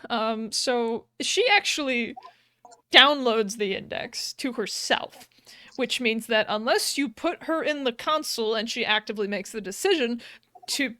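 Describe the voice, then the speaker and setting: A woman's voice: a little high, measured pace, sharp tone, no echo. A woman hosting a podcast, recapping a video game story in a giggly, rambling way with many fillers. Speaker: podcast host.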